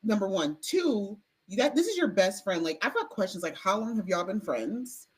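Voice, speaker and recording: A young woman co-hosting a podcast in casual, chatty talk, expressive and rambling with fillers. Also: mid-range voice, normal speed, breathy edge, poor audio. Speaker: podcast co-host. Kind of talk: casual chat. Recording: faint background noise.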